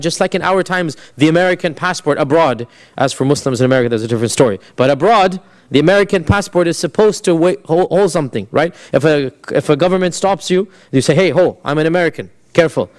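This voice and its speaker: A man's voice: fairly high pitch, a little mellow. A man giving a conversational classroom lecture, asking the class questions and mixing in Arabic phrases. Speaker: Islamic history teacher.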